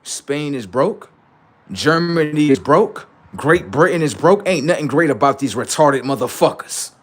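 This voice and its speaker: A man hosting a livestream, ranting in a heated, taunting way, swinging between loud jeers and low asides. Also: expressive, a little slow. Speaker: livestream host. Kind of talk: profane livestream rant.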